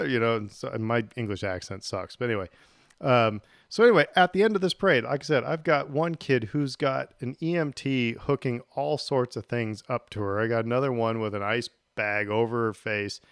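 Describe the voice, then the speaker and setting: A man's voice: medium pitch, moderate pace, clear, resonant tone, no room sound, studio quality. A man co-hosting a podcast, telling a rambling story in casual chat. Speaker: podcast co-host.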